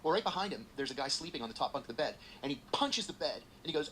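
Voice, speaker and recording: A middle-aged man, a podcast guest, telling a story in an animated way and acting out the voices of the people in it. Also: on the high side, fast, a little hiss or hum. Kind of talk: storytelling anecdote.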